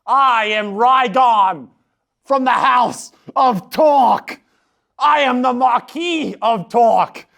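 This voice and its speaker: A man playing a boastful evil warrior noble in a wavering put-on British accent, shouting grandiose proclamations. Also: very high-pitched, very slow, gravelly, exaggerated voice. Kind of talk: comedic tabletop role-play.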